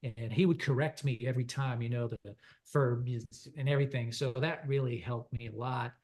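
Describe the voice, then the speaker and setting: This man grew up in Quebec and speaks English as a second language after French. He is a country singer-songwriter talking casually as an interview guest. His speech is rambling and chatty, full of fillers and restarts, at a middle pitch. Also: fairly even intonation, moderate pace, a little mellow. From Quebec, Canada.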